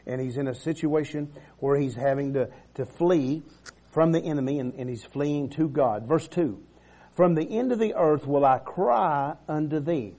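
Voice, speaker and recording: Middle-aged man, pastor preaching with call-and-response energy; voice sits a bit high. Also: normal speed, dark tone. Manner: preaching with call-and-response, frequent amens and restarts. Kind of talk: sermon.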